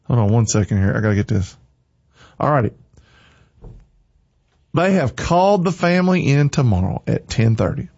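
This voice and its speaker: A man's voice: mid-range voice, very animated, moderate pace, pauses often, darkish tone, no echo. Fervent preachy man on a livestream. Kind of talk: faith-filled livestream talk. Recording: slightly dull lo-fi sound.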